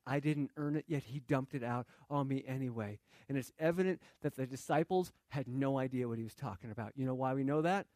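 A man's voice: mid-range voice, a little mellow, no room sound, clean studio sound. A man preaching a sermon in a conversational way, reading scripture and asking rhetorical questions. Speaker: pastor.

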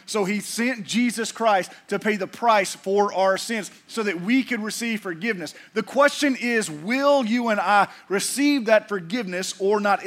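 A middle-aged man preaching a sermon to his church, folksy, joking with the congregation and animated. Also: sits high. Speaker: pastor.

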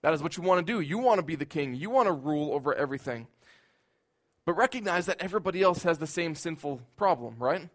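A man preaching a sermon in an earnest voice, building at times into loud, emphatic outbursts. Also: on the high side, expressive, fast talker.

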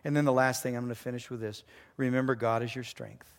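A man preaching a sermon as pastor, telling a story earnestly, with sudden excited rises and quiet drops. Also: mid-range voice, fast.

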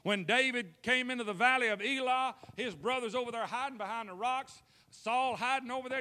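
A man preaching a lively sermon, calling out to the congregation and acting out scripture scenes. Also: very high-pitched, moderate pace. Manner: animated, calls for responses, acts out scenes.

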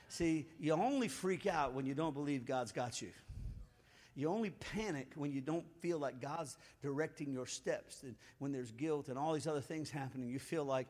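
A man preaching a sermon in a fairly high voice, rising to loud, fervent exhortation and then dropping to a hushed, close tone. His words ring out in a big hall with a long reverb tail. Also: normal speed. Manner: swings from loud exhortation to hushed, intimate talk. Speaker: pastor.

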